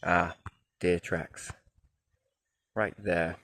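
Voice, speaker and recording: A man walking by a river in the woods, musing aloud as he goes, often trailing off into quiet wondering remarks. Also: low voice, flat delivery, extremely slow. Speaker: vlogger.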